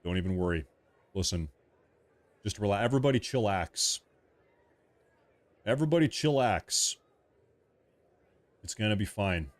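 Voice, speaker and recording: A low-pitched man talks casually to his live stream viewers. He repeats himself to reassure them and clears his throat often. His voice is close and dry. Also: lively intonation, unhurried, pauses often, no room sound. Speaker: livestream host.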